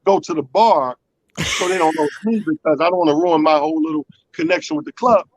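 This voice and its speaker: A man's voice: a little high, quick pace, poor audio. A man telling a comic story in casual talk, acting out the voices of the people in it. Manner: animated, acts out quoted voices. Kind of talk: comedic storytelling.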